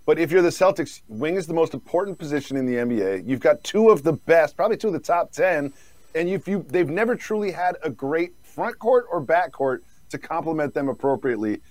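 A man co-hosting a casual basketball talk show, animated and quick to laugh. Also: no echo. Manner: animated, laughs often, mock-high asides. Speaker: sports podcast co-host. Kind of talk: casual sports debate.

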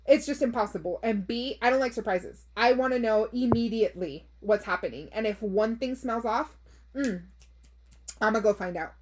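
A woman's voice: on the high side, normal speed, a little mellow, slight background noise. A woman in her thirties hosting a podcast, chatting casually and bluntly as she reads listener stories, swearing freely and dropping in Spanish phrases. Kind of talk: casual chat.

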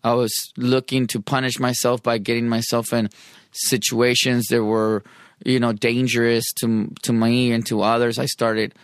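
A man's voice: mid-range voice, level tone, no room sound, clean studio sound. Blunt, profane man telling his story. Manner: blunt, profane, street slang, fast bursts. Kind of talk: casual conversation.

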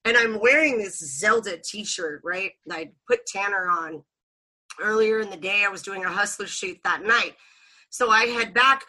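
A woman chatting as a podcast guest, her voice bright and clear. She tells her story in an animated way, laughing often and acting out what people said. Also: mid-range voice, moderate pace. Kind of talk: casual storytelling chat.

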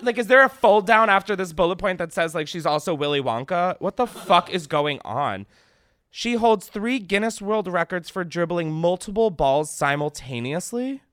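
A man's voice: on the high side, a bit bright, no room sound. Brief: young male podcast host, casual chat, rambling and self-mocking, cusses freely, dry close sound. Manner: rambling, self-deprecating, swears a lot.

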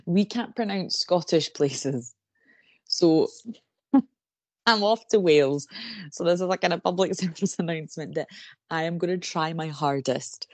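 A woman with a low voice co-hosts a casual true-crime podcast. She talks in a loose, rambling way and laughs often. The sound is dry and close. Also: a little mellow, no echo. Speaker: podcast co-host.

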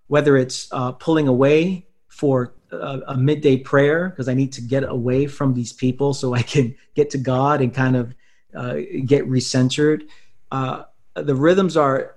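A man, a pastor and author, giving reflective interview answers in a measured, thoughtful way. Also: medium pitch.

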